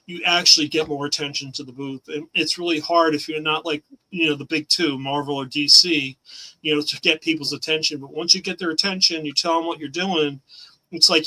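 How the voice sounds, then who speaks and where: Enthusiastic bright-voiced middle-aged man. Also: on the high side, steady tone, brisk, poor audio. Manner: enthusiastic, rambling, laughs often. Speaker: guest comic creator. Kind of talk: casual interview chat.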